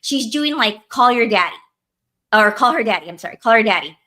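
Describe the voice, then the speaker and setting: A woman's voice: a little high, lively intonation, brisk, sharp tone. A woman co-hosting a podcast, ranting in casual chat, heated and profane, full of filler words. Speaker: podcast co-host.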